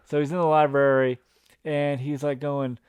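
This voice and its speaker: On a movie review podcast, a male co-host chats casually with an eager film-buff enthusiasm, rambling with many restarts and fillers. His fairly high, smooth voice has a darkish tone, a level delivery, and a normal speed.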